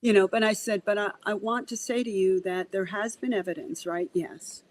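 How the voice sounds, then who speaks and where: A woman's voice: mid-range voice, moderate pace, slight background noise, low-quality recording. A woman working as a medium, a podcast guest telling stories in a conversational way. She acts out the dialogue and often repeats words as she starts a sentence. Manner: animated, acts out dialogue in quotes. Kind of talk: conversational storytelling.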